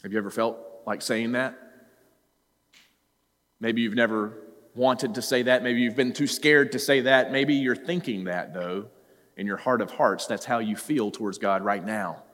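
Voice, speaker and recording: A man's voice: medium pitch, moderate pace, a bit bright. A man preaching a sermon as a pastor, earnest and talking straight to his listeners, rising at times to pleading cries. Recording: long hall reverb.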